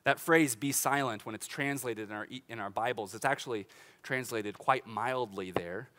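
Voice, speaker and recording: In a church sanctuary, a middle-aged pastor delivers a casual, animated sermon full of laughs and restarts. His voice sits at a medium pitch and moves at a normal speed, with a noisy background behind him.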